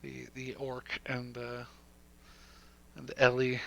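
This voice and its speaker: A man narrating a tabletop game as game master, halting and filling pauses with fillers and laughs. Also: mid-range voice, monotone, creaky, bright, forceful tone, low-quality recording.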